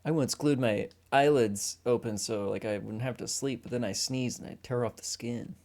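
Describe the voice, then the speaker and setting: A man's voice: medium pitch, normal speed, darkish tone. A man co-hosting a film podcast, chatting casually and animatedly, acting out quoted lines and swearing often. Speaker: podcast co-host.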